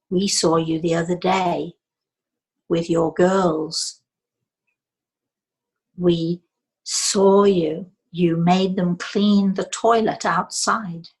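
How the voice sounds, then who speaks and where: A woman voicing a solemn little spirit boy, speaking slowly and repetitively in a soft, hushed way. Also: lowish voice, slightly rough, full character voice.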